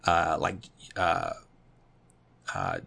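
A man's voice: sits low, sing-song, drawn-out words, gravelly, pushed and bright, slightly rough. A man co-hosting a podcast in casual chat, telling rambling stories full of fillers. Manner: rambling storyteller, heavy on fillers. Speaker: podcast co-host.

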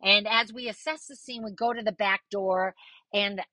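A middle-aged woman tells a wild personal story on her podcast in a casual, animated way, cursing freely and playing out what people said. Her voice is bright and sharp, recorded close and dry with no room sound. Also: mid-range voice, normal speed, no echo. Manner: animated, swears freely, acts out quoted voices.

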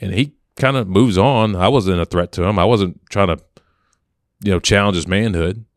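A man co-hosting a podcast, relaxed and anecdotal, telling a story and acting out what people said. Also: sits low, moderate pace, dry recording, studio quality. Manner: relaxed, anecdotal, acts out quotes. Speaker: podcast co-host. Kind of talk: casual storytelling.

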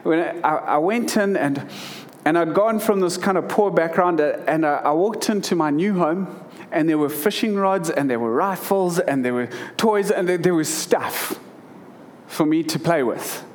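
Speaking a little slowly in a voice on the high side, this thirtysomething pastor reads from scripture before sharing a personal story. He's earnest and emotional, with frequent restarts.

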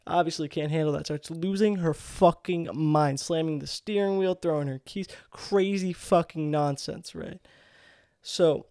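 A man in his twenties, a podcast co-host telling a story in heated, profane, animated casual chat. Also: fairly high pitch, unhurried, clear, resonant tone, no room sound, studio quality. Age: 20s.

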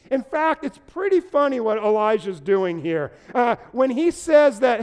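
A high-pitched man with a smooth, resonant voice preaches to an online audience, talking conversationally and pausing for them to type in answers. He slips in playful puns and asides. A long reverb from the large, empty room trails behind every word. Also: lively intonation. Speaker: pastor. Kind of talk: livestreamed sermon.

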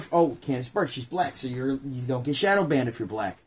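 A man's voice: mid-range voice, lively intonation, fast talker. A man co-hosting a casual chat, reading a children's book aloud into a phone camera and joking about his own mistakes. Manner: jokey, rambling, laughs at himself. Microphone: phone front camera.

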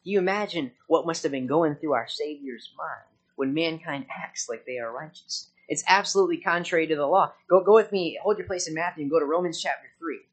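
A man with a somewhat high, husky voice delivers an emphatic sermon in a church. His American accent is plain, and he keeps checking in with the congregation with a quick "right?" between his points. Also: poor audio. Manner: emphatic preaching, frequent "right?" tag questions. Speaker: pastor.

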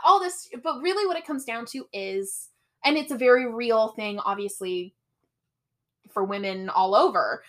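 A woman's voice: a little high, normal speed. A young adult woman co-hosting a podcast, recapping a film in casual, filler-heavy chat and laughing often. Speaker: podcast co-host. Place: Portland area, Oregon.

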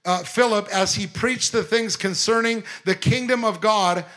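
A man preaching a sermon, animated, full of quick asides and rhetorical questions to the congregation. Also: high voice. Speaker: pastor.

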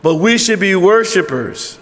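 High-voiced pastor preaching in a reverberant church. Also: male voice, animated, a little slow, a bit bright. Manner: emphatic, conversational preaching with rhetorical questions. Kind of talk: sermon. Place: church sanctuary with congregation. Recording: long hall reverb in a church.

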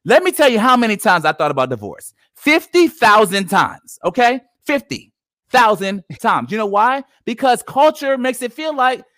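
A man's voice: extremely high pitch, big pitch swings, moderate pace, fairly bright tone, no echo, clean studio sound. A man in his thirties co-hosting a casual faith discussion, emphatic and preachy. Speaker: podcast co-host.

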